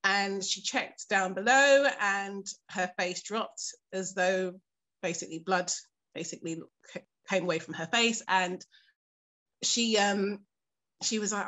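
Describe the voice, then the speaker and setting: A woman telling a painful personal story in a documentary interview, earnest and composed, pausing often with fillers. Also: medium pitch, pushed and bright. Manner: earnest, halting storytelling with frequent pauses and fillers; keeps her composure while recounting something painful.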